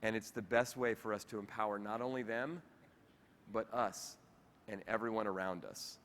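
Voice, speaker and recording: A man giving a keynote speech on stage, telling a heartfelt story with animated delivery. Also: fairly low pitch, normal speed, a little hiss or hum. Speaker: keynote speaker. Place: large convention hall, on stage. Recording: echoey convention hall.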